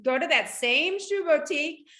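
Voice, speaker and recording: A woman guest telling her story in a casual interview, animated and acting out the voices of the people in it. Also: sits high, normal speed. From United States. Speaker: guest, shoe boutique owner. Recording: echoey room.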